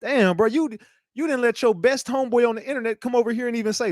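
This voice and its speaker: A man's voice: very high voice, lively intonation, quick pace, no room sound, clean studio sound. A man hosting a live commentary show, talking in a rambling, profane way and repeating himself. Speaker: host.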